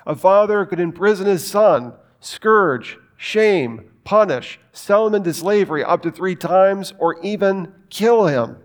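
A man's voice: sits high, animated, a little slow, hardly any pauses. A man preaching a sermon in an emphatic way, asking rhetorical questions and making joking asides.

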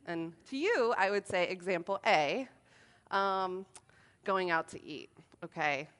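A woman in her thirties speaking at a moms' meeting, telling funny, self-deprecating stories in an animated way. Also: fairly low pitch, slow pace. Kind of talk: humorous talk to a group.

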